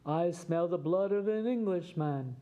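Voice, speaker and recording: A huge, angry storybook giant bellows his chant, as a woman reading aloud puts him on. The voice is mellow and lowish, with a big, drawn-out delivery. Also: lo-fi sound, close to an everyday voice. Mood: bellowing. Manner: booming chant.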